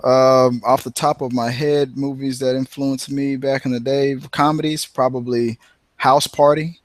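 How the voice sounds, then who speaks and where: A man co-hosting a casual movie talk show, rambling and retelling scenes with animated quoted voices. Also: mid-range voice, unhurried, dry recording. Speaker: podcast co-host.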